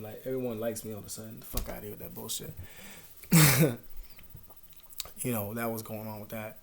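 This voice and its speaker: A young man talking casually to the camera at home, rambling and swearing, his voice sinking to a mutter and then jumping up loud. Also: on the low side, steady tone, a little fast, vocal fry, long pauses. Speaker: vlogger. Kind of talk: casual confessional talk to camera.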